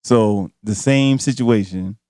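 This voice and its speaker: A man, co-hosting a podcast and telling a comedic story in a loud, laughing, slangy way. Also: on the low side, slow, dry recording, studio quality. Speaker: podcast co-host.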